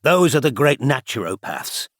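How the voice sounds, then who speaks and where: Reading the part of a severe older male spy chief, a man lectures emphatically in a medium-pitched, very animated voice pitched above his own. The pace is moderate, and the studio sound is clean with no room sound.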